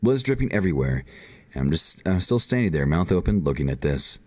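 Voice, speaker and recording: A man's voice: low voice, sing-song, brisk, dry recording, clean studio sound. A man reading aloud as a shy, anguished teenage girl narrating a visual novel, voicing her with emotional outbursts. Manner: reads emotionally, rising to pleading outbursts.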